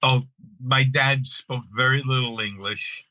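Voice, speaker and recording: Bright-voiced animated man from Long Island. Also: mid-range voice, measured pace, dry recording, rough recording. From Long Island, New York. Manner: animated, restarts often, acts out quoted voices. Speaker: guest. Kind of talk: casual storytelling.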